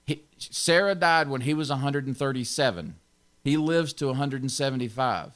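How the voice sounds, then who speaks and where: A man's voice: medium pitch, normal speed, fairly bright tone. A man pastor giving an informal Bible teaching, stressing key words and chuckling often.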